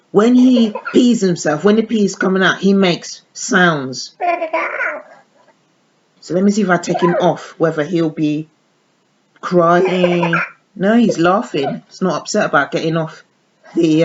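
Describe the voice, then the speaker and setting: A woman's voice: on the low side, takes it slowly, long pauses. A woman vlogger chatting casually as she demonstrates a baby doll, cooing baby talk to the dolls. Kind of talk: casual toy unboxing demo. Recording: dull lo-fi sound with faint noise.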